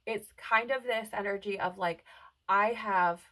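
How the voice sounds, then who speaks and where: A woman's voice: mid-range voice, unhurried, bright, forceful tone, low-quality recording. A woman giving a spiritual tarot reading to her viewers, earnest and reassuring, often checking in with "right?". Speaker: tarot reader. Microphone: headphones on, close mic.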